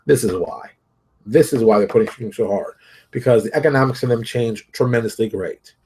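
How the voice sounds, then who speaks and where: A man's voice: mid-range voice, moderate pace, warm tone, slightly rough. A man hosting a solo opinion show, talking emphatically, repeating his points and restarting sentences as he goes. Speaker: host and game publisher.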